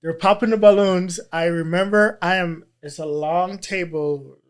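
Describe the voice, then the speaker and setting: A man, a teacher, telling a personal story in an interview, earnest and halting, with frequent restarts. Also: high voice, steady tone, smooth. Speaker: teacher and guest.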